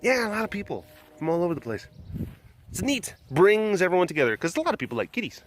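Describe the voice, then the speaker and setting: A man's voice: high-pitched, big pitch swings, fast, a little hiss or hum. A man vlogging casually outdoors by animal enclosures, rambling and joking with plenty of fillers. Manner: rambling, jokey, loose with fillers. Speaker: vlogger at a big cat sanctuary. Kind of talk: casual outdoor webcast chat. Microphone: handheld or camera microphone catching wind.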